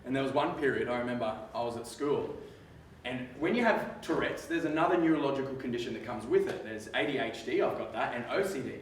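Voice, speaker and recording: A young adult man with an Australian accent, talking to students in a school theatre in a lively, joking way. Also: medium pitch, a little hiss or hum. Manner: lively, joking, drawn-out emphasis. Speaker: speaker at a school assembly. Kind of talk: live talk to students. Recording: echoey theatre, mic far off.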